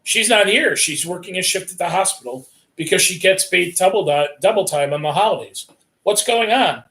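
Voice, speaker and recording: A man voicing an anxious teenage boy who fires off quick, worried questions. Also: sits high, fairly bright tone.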